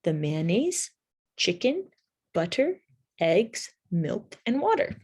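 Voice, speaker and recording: Slow, patient woman teaching English. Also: on the low side, very animated, a little mellow, slightly rough. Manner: slow, patient, spells words letter by letter and checks with "right?". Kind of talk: English lesson for learners.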